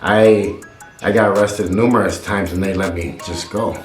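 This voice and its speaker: A man's voice: low voice, fairly even intonation, moderate pace. A man vlogger chatting casually in a laid-back way, swearing casually. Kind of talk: casual chat. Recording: roomy with faint music.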